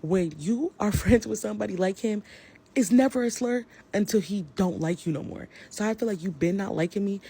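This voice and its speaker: A woman's voice: medium pitch, a little fast, warm tone, slightly rough. A woman giving an angry, profane rant to the camera about a falling-out with a friend. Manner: heated, profane, confrontational. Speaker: social media personality.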